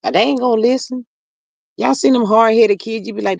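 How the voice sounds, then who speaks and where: A woman hosting a livestream in casual chat, reading comments aloud in a chatty, drawling way that swings high and low. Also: fairly quick, vocal fry, a little mellow, no room sound, lo-fi sound.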